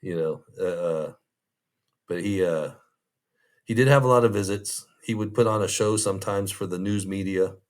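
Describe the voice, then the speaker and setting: Low-voiced man telling prison stories. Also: normal speed. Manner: rambling and easygoing, full of restarts and fillers. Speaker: former prison guard. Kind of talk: anecdotal storytelling in an interview.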